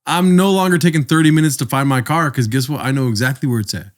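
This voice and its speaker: A young man co-hosting a podcast tells a long, rambling story full of swearing in casual chat. His voice is medium-pitched and quick.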